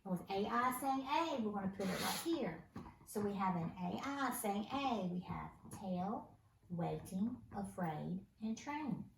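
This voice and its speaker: A patient, encouraging woman teacher leads a phonics lesson and prompts young pupils to read each word. Her voice sits at a middle pitch and comes from some distance from the mic. The room sounds echoey, with a clear layer of noise behind her. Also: lively intonation, measured pace. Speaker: first grade teacher. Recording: roomy, distant, noisy home recording.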